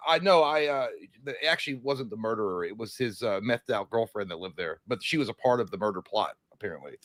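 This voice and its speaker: A man co-hosting a casual live stream, telling stories in an animated, heavily profane way. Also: lowish voice, no echo. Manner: rapid, profane, animated storytelling. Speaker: co-host.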